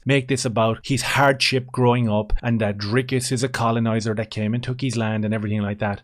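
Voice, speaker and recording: A man giving ranting vlog commentary, indignant and profane. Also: medium pitch.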